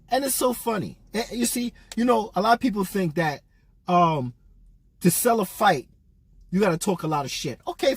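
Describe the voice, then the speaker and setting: A man's voice: high voice, slightly rough, no room sound. A man giving a blunt, profane, mocking rant as a boxing commentator.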